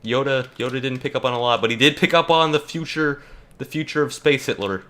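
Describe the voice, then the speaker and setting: Bright-voiced young man ranting jokingly. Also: mid-range voice, brisk. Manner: joking, rambling, many fillers and restarts. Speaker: gaming YouTuber. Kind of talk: casual rant while playing.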